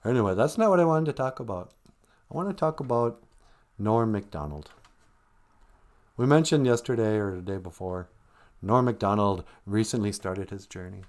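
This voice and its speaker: A man's voice: fairly low pitch, lively intonation, moderate pace, pauses often. A man hosting a live stream, telling a wandering comedic monologue and laughing at his own jokes.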